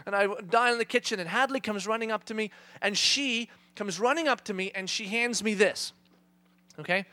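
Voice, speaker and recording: Male pastor, thirties, animated self-mocking sermon storyteller; high, bright voice. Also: normal speed. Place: church.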